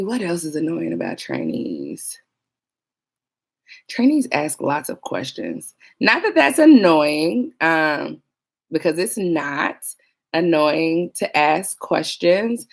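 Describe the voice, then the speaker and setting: A woman who worked as a police dispatcher, chatting casually to viewers about trainees and acting out coworkers. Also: low-pitched. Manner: chatty, laughing, mimics people. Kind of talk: casual livestream chat.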